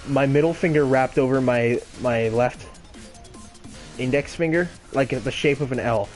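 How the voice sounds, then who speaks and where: A man's voice: medium pitch, moderate pace, darkish tone, faint music behind. A man in his twenties telling a casual, rambling story full of swearing and self-mocking laughs. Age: 20s. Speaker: gaming channel host.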